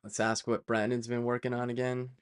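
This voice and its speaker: A man's voice: medium pitch, completely flat delivery, fairly quick, clean tone. Chatty, rambling man live-coding on stream. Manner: chatty, rambling, many fillers and self-corrections; playful, prone to side tangents. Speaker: developer live-streaming his work.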